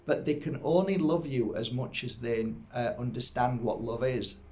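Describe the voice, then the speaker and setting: A man's voice: mid-range voice, normal speed, darkish tone, slight background noise. Earnest middle-aged man from Yorkshire. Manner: earnest, heartfelt, musing. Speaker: energy healer and spiritual teacher. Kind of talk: reflective personal talk to viewers.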